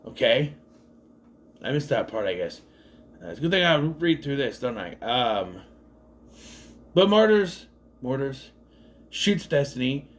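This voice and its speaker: A man giving a casual, rambling movie recap, laughing at the gags and acting out quoted lines. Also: medium pitch. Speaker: movie reviewer.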